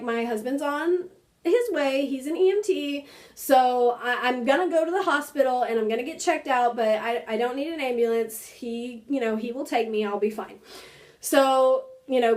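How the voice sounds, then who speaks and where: Young woman vlogging, high voice, lots of "like" and "you know", laughs a lot. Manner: animated, laughs often while recounting; many fillers like "like" and "you know". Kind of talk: casual storytelling to camera.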